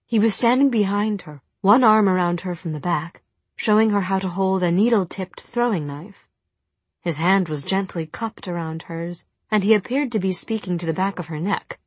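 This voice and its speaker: Low, husky woman reading a novel. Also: dry recording. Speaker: narrator. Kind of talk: scripted audiobook narration.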